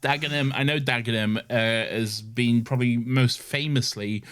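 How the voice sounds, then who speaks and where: A man's voice: mid-range voice, steady tone, moderate pace, fairly bright tone, smooth. A man co-hosting a rewatch podcast, chatting casually, laughing often and trading jokey banter. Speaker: podcast co-host. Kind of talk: casual chat.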